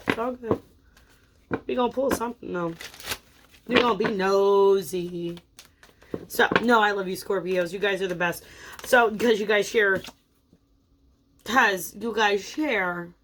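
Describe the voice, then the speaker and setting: A woman's voice: medium pitch, a bit bright, slight background noise. A woman giving a casual tarot reading in a playful, teasing, chatty way. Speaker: tarot reader.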